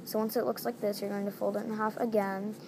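A woman's voice: medium pitch, level tone, quick pace. A woman talking casually through a step-by-step craft tutorial at home, repeating each step as she goes. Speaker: DIY tutorial maker. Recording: noisy home recording.

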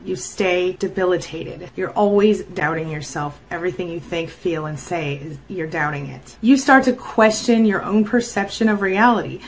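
A woman's voice: on the low side, moderate pace, few pauses, poor audio. A middle-aged woman life coach giving an explainer talk, acting out the voices she quotes. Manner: animated, acts out quoted voices.

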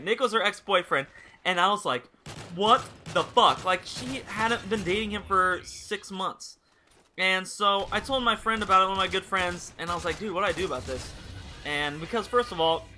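A man's voice: high-pitched, sharp tone, slight background noise. A young man casually telling a rambling personal story over gameplay commentary, candid and swearing freely. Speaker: gaming channel host.

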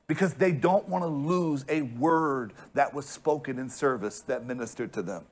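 A man's voice: medium pitch, moderate pace. A man from the United States, a pastor preaching a sermon, telling a story with strong emphasis and repeating words to drive a point home.

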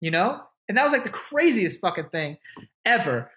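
A man's voice: sits high, big pitch swings, normal speed, bright, forceful tone. Swearing young New man. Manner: swears freely, acts out quoted voices. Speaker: podcast guest. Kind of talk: casual interview storytelling.

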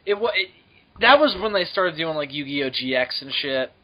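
Excitable young man with a higher voice. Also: normal speed. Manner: excitable, profane, lots of fillers. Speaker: podcast co-host. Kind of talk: casual chat. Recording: dull lo-fi podcast audio.

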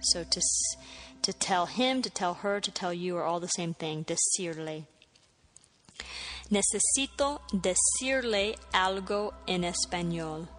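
A woman's voice: fairly low pitch, unhurried, a bit bright, faint music behind. A woman teaching a Spanish lesson, patiently repeating phrases and spelling words out letter by letter. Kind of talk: language lesson.

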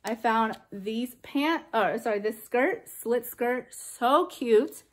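A young adult woman chatting excitedly in a casual haul vlog, gushing over her finds. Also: fairly high pitch, slow pace, few pauses. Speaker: reseller vlogger.

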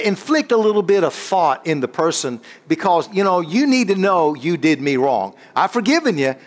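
Guy preaching, lively and chatty, keeps restarting, fairly high voice. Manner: animated, call-and-response with congregation; rambling, restarts and searches for words. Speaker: guest preacher. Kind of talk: sermon.

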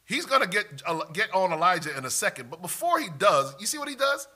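A man preaching a sermon, emphatic, swinging from loud declarations to hushed asides and reading scripture in old-fashioned wording. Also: sits high, big pitch swings, fast talker.

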